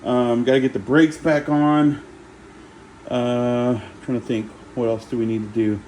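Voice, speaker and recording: A man's voice: medium pitch, level tone, unhurried, darkish tone, a little hiss or hum, poor audio. A man casually narrating his own repair work in a home garage, thinking aloud as he goes with plenty of fillers. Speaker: DIY vehicle repair vlogger. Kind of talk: casual how-to narration while working.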